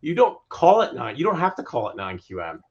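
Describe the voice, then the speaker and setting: A man's voice: on the high side, huge pitch swings, a little fast, muffled recording. A man speaking as a guest in a podcast interview on lending. He makes his points emphatically and repeats phrases to drive them home.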